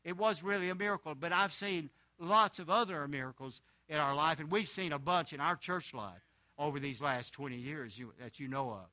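An older male pastor tells a homespun story from the pulpit, slipping in chuckling asides. His voice sits a little high and rings bright and forceful. The sound is close and dry, with no room echo. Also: moderate pace. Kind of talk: sermon with a folksy story.

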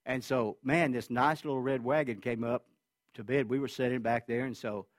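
A man's voice: medium pitch, steady tone, moderate pace, dry recording, clean studio sound. Earnest male pastor telling a story. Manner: earnest and emotional, swinging between loud and hushed. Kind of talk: sermon storytelling.

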